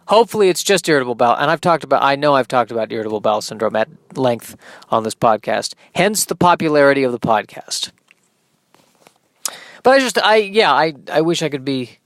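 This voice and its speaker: A man delivers a solo comedy monologue on his podcast, rambling and self-deprecating. His voice sits a little high for a man, and the recording is dry and close with almost no room sound. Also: dry recording.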